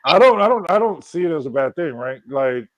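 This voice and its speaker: A man's voice: a little high, animated, fairly quick, no echo, poor audio. A man co-hosting a livestream, telling rambling stories in casual chat. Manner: rambling storyteller, many restarts. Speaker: livestream co-host.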